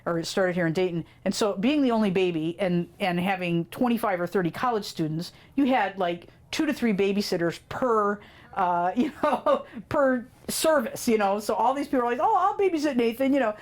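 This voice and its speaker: A woman telling fond family stories in an interview, animated and laughing often as she recalls them. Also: medium pitch, moderate pace. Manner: animated, laughs often, quotes children in dramatic voices. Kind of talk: casual storytelling in an interview.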